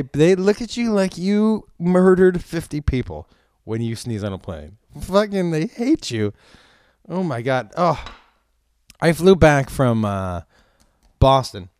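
A comedian telling stories in casual chat, swearing often and ranting with animation. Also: male voice, medium pitch, no echo, studio quality. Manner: profane, animated storytelling rants.

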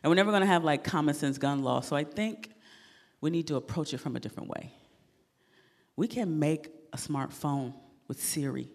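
A woman comedian performing a stand-up set, animated and laughing at her own jokes, on a club stage mic. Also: deep voice, normal speed, big-room sound.

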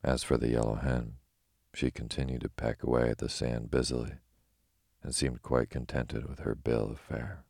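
A man reading a bedtime story in a very deep, gravelly voice. He keeps a flat, even delivery meant to lull listeners to sleep. The recording is dry and close. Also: no echo. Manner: calm, slow and soothing.

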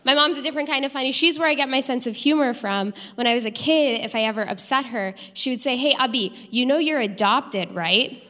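A young woman performing a live stand-up comedy set with an animated, punchy delivery in front of an audience. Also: high-pitched, fast talker, hardly any pauses. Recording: live stage recording with long hall reverb.

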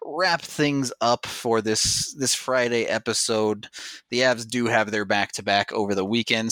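Low-pitched man, wry podcast host, dry close mic. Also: a bit bright, dry recording. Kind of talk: casual hockey talk and ad read.

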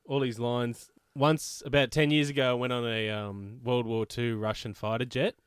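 A man co-hosting a casual chat, telling stories in a deadpan way and running a quiz. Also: mid-range voice, normal speed, clean tone, no room sound. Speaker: podcast co-host and quiz master.

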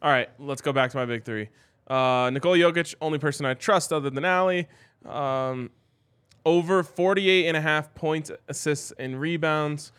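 A man co-hosting a casual sports betting chat in a relaxed, joking way as he runs through his picks. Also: on the high side, normal speed, clean tone, dry recording. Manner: laid-back, joking, gives his picks. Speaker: sports betting podcast co-host.

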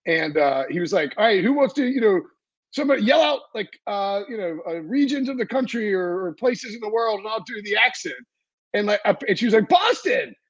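A man hosting a sports podcast, chatting casually in a rambling, energetic way with lots of fillers and restarts. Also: high voice, fairly quick, no echo, highs cut off. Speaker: podcast host.

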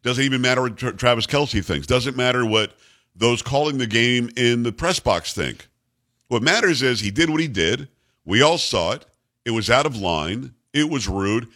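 A man's voice: medium pitch, animated, moderate pace, sharp tone. A middle-aged man hosting a talk show, delivering a blunt, emphatic, repetitive opinion monologue. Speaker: radio talk show host. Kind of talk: opinionated monologue on sports news.

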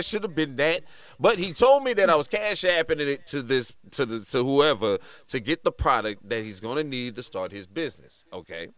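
Animated storytelling father, dry close sound. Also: on the high side, clean tone, no echo. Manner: animated, mimics voices in quotes, laughs often. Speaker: podcast co-host. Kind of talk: casual storytelling chat.

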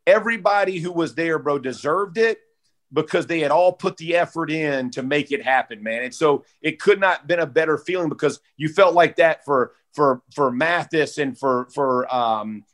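A man's voice: on the high side, moderate pace, fairly bright tone. Laid-back man saying bro and dude. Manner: heartfelt, close to tears. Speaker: guest, former football player. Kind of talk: casual podcast storytelling.

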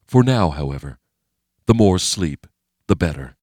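This is a male audiobook narrator with a deep voice, reading scripted narration in a steady, measured way. The recording is studio quality with no room sound.

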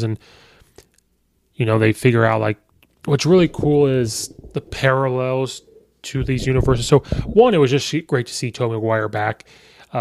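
Rambling man with a gravelly voice. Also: mid-range voice. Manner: rambling, many fillers and restarts. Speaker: podcast host. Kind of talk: casual movie review monologue.

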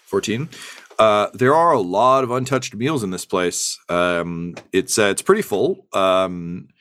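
A man's voice: lowish voice, unhurried, a bit bright, clear, resonant tone. A man narrating a tabletop game as game master, rambling with many ums and uhs.

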